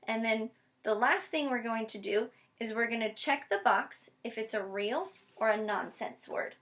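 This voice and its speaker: A woman teacher giving a patient one-on-one phonics lesson, modeling each step slowly and spelling words out letter by letter. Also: a little high, fairly bright tone. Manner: slow, deliberate modeling with frequent check-ins. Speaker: special education teacher.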